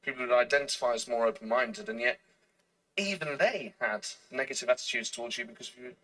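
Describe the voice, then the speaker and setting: A man's voice: mid-range voice, very animated, quick pace, gravelly, bright, forceful tone, low-quality recording. A man interviewing a guest, asking long, thoughtful questions. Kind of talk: casual interview.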